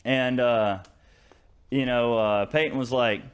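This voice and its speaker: On a laid-back podcast, a young Southern American co-host rambles through a long story, stuffed with fillers and restarts, laughing along the way. He speaks slowly in a clear, resonant, mid-range voice with fairly even intonation.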